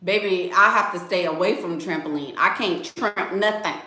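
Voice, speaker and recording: In an echoey room, a young woman with a fairly low voice runs a laid-back livestream at normal speed. She reads donations aloud with lively emphasis, circling back to the same phrases and dropping plenty of Southern "y'all"s.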